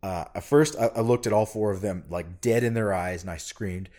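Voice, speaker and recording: Low voiced guy, earnest, animated storytelling in casual chat. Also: brisk. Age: adult parent. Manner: earnest, animated storytelling, bursts loud when quoting.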